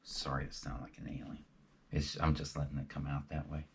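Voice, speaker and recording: A man talking in a rambling, halting monologue with many fillers and restarts. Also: extremely low pitch, flat delivery, a little hiss or hum. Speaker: video host.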